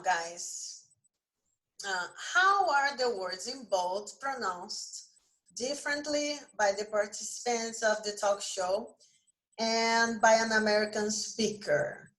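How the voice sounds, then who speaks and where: A woman's voice: fairly high pitch, animated, fairly bright tone, rough recording. A woman from Brazil with a Brazilian accent, teaching an English lesson and asking her students questions. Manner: slow, questioning, repeats prompts to students. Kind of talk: online class lesson.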